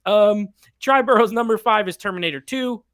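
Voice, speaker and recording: A podcast host chatting casually on a live stream, reading viewer picks aloud in a playful, animated way. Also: mid-range voice, moderate pace.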